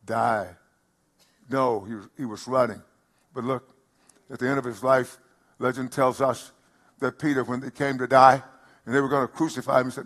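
A middle-aged male pastor preaching a sermon, emphatic and rising loud on key lines. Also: medium pitch, steady tone, moderate pace, pauses often.

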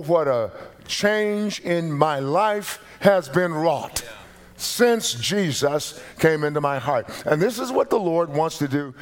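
A man preaching a sermon from the pulpit, his voice sitting a little high for a man. He talks in a conversational way, then swells into loud, emphatic calls to the congregation. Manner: preaching with rising emphatic bursts. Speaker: pastor. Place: church sanctuary.

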